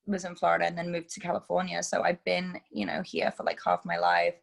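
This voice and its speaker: A woman's voice: on the low side, fairly quick, creaky. A young woman from England with an accent that mixes British and Los Angeles speech, chatting casually as an interview guest, full of "like" and "you know". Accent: mix of British and Los Angeles. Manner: chatty, many "like" and "you know" fillers, lively. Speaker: interview guest, reality show contestant. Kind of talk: casual chat.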